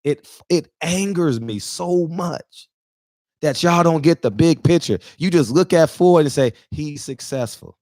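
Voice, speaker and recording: A man's voice: on the high side, animated, unhurried, a little mellow, no echo, studio quality. A man in his forties, emotional and near tears, delivering an emphatic, preachy casual monologue that repeats points for emphasis. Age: 40s. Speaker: barbershop talk show regular.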